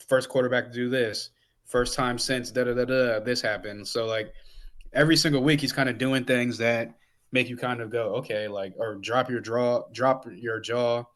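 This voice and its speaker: A man's voice: medium pitch, fairly bright tone. A man co-hosting a sports podcast who talks in casual chat, rambling with lots of "like"s and "um"s. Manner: rambling, many "like"s and fillers. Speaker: podcast co-host.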